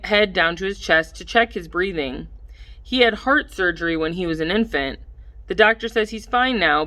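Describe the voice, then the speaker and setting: A woman narrating a first-person audiobook at a measured pace, her voice slightly low yet very bright and forward. She lifts her delivery whenever the characters speak. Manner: measured, lively in dialogue.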